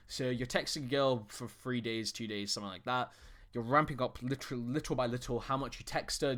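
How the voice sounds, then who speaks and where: A man's voice: mid-range voice, fairly bright tone. A man giving dating advice as a coach, blunt and swearing often, with frequent restarts. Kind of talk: casual direct-to-camera advice.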